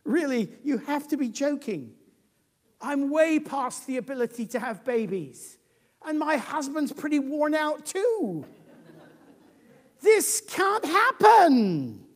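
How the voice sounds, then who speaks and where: A man's voice: extremely high pitch, animated, a little slow, a little mellow, long reverb tail, voice pushed up. A man voicing Sarah as an elderly woman scoffing in disbelief. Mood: incredulous. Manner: incredulous, scoffing.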